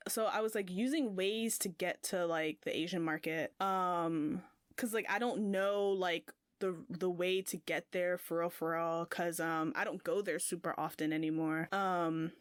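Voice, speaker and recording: A woman's voice: lowish voice, clear, resonant tone, no room sound. Chatty young woman, dry close sound. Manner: rambling, heavy use of "like", animated when retelling. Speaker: podcast co-host. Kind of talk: casual storytelling chat.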